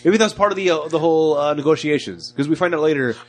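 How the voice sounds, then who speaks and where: A man's voice: on the high side, fast talker, soft background music. A man co-hosting a casual movie podcast, joking, swearing and rambling. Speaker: podcast co-host. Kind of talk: casual movie review chat.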